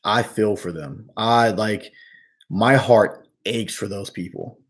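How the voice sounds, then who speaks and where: Laid-back slangy guy, lowish voice. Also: slow pace. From New Jersey. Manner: slangy, laid-back, calls people bro and man. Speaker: host answering viewer questions. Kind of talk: casual live Q&A chat.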